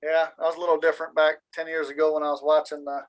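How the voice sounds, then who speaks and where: A man's voice: fairly high pitch, level tone, rapid-fire, rough recording. Easygoing Michigan man chatting. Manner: rambling, easygoing, jokey. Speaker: meeting participant. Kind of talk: casual chat. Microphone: video call.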